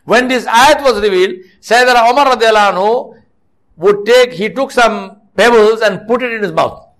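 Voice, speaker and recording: Speaking at a moderate pace in a high-pitched, slightly bright voice, a middle-aged mosque preacher gives a sermon. His storytelling restarts frequently, and he chides those listening with rhetorical questions.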